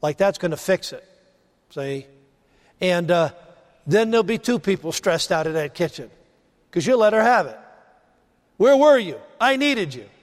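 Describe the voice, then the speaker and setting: A man preaching a sermon, rising to emphasize points and dropping low and quiet on key phrases. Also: expressive, normal speed, long pauses, big-room sound.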